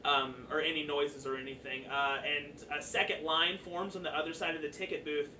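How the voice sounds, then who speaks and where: A man with a fairly high, pushed, bright voice narrates a tabletop game as dungeon master, talking fairly quickly with little pitch movement. He's loose and chatty, full of fillers. He sits far from the mic in an echoey room, with faint noise in the background.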